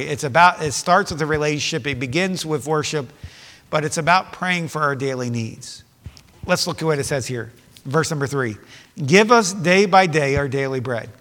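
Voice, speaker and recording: A man's voice: fairly high pitch, bright, forceful tone. A middle-aged man preaching a sermon with impassioned force that swells and drops back. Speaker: pastor. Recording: long hall reverb.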